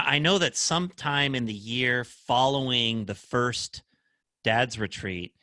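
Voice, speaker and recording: A man's voice: lowish voice, pushed and bright, no room sound, studio quality. A man hosting a podcast interview, encouraging his guest and asking open questions. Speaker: podcast host.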